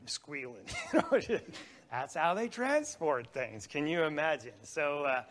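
A man's voice: fairly high pitch, fairly bright tone. A man giving a rambling, folksy slide-show talk about a mission trip to a live audience. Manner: folksy, rambling, with small restarts and laughs.

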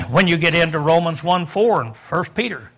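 Man, preacher, high voice, bright tone, clears throat often, Bible teaching. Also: animated, moderate pace. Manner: teaching tone, acting out quoted lines, frequent throat clearing. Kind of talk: sermon, verse-by-verse Bible teaching.

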